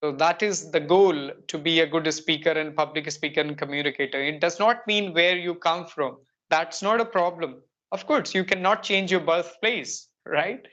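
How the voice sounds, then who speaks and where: A woman's voice: on the low side, fairly bright tone, muffled recording. A woman with an Indian English accent coaching conversational English, explaining patiently with everyday examples. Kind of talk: conversational English practice chat.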